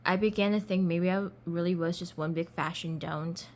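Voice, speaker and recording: A woman's voice: on the low side, steady tone, normal speed. A young woman reads a children's storybook aloud, casual and unpolished. She trips over words now and then and picks the line up again. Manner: casual, slips and restarts, laughs at herself. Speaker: doll collector reading a storybook. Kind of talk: reading a children's book aloud.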